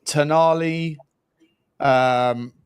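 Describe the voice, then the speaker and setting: A man co-hosting a football podcast, chatting in a loose, laddish way and often calling his co-host "mate". His voice sits a little higher than most men's. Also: steady tone, drawn-out words, clean tone. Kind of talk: casual football chat.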